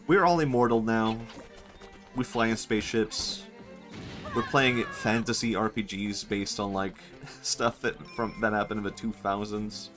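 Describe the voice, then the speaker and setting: A man's voice: on the low side, fairly even intonation, unhurried, fairly bright tone, faint music behind. A man, chatting casually and joking while he streams a game. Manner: rambling, joking, often laughing. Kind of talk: casual gaming stream chat.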